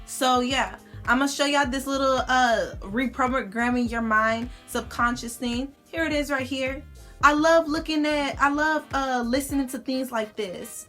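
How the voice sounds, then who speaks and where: Blunt, slangy high-voiced young woman. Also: unhurried, fairly bright tone, faint music behind. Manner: blunt, slangy and outspoken, cusses freely. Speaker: vlogger. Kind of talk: casual motivational talk to camera.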